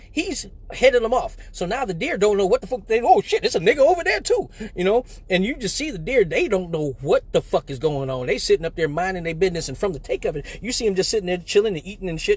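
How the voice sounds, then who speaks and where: A man's voice: sits high, breathy edge. A man telling a profane comic story on a live stream, acting out voices and sounds. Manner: animated, profane, acts out voices. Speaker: live show host. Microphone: phone or webcam on a live stream.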